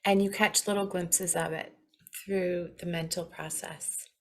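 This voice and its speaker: Slow, gravelly-voiced woman musing on spirit. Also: lowish voice, fairly even intonation. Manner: slow, earnest, gently emotional, with soft laughs. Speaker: spiritual podcast host. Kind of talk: reflective spiritual talk.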